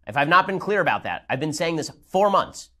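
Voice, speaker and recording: A man in his thirties delivers political commentary at breakneck speed. His voice sits a little high, and he hammers his points with sardonic emphasis. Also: sing-song, a little fast, bright, forceful tone.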